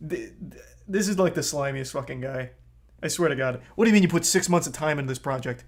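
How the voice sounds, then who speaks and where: A man's voice: a little high, expressive, quick pace. Profane, heated male streamer. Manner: blunt, profane, gets heated. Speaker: streamer reacting to a video. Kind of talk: casual live-stream commentary.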